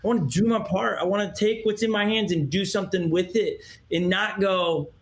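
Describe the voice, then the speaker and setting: A man with a notably high voice hosts a heartfelt interview. He tells stories with lively energy, slipping into quoted voices and often restarting his sentences. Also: a little fast. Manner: animated storyteller, acts out quotes, restarts often. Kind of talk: candid interview conversation.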